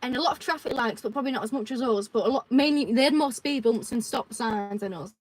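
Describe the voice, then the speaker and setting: A chatty woman co-host who tells stories with plenty of asides. Her voice sits quite high. Faint noise hums under the recording. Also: fast talker, rough recording. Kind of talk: casual chat.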